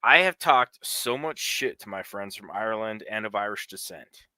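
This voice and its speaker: A man's voice: on the low side, expressive, normal speed, pushed and bright, no echo. Brash, crude-joking man in his forties. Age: 40s. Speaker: co-host. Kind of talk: casual chat.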